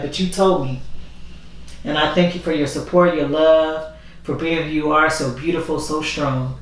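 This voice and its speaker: Speaking at normal speed with fairly even intonation, a low-pitched woman vlogger shares heartfelt thoughts casually, rambling and repeating herself. The camera isn't working, leaving just her voice, which echoes heavily in a room far from the mic.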